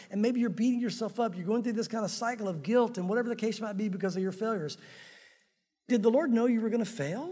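Husky-voiced, emphatic male preacher. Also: sits high, fast talker, dark tone. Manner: emphatic and conversational, addressing the crowd as guys. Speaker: pastor. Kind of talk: sermon. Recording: long hall reverb.

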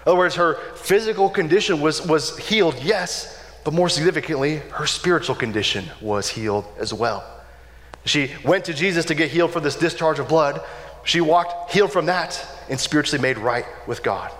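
A man's voice: on the high side, moderate pace, a bit bright. Casual preacher man in a reverberant hall. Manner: casual conversational preaching, frequent "right?" and "like". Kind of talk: sermon.

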